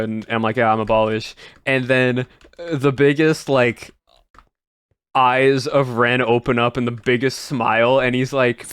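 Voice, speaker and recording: A man's voice: mid-range voice, fairly even intonation, slow, pauses often, a bit bright, clear, resonant tone. A man streaming, chatting casually to his viewers in a rambling way with lots of "like" and restarts. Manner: rambling, full of "like" and restarts, laughs often.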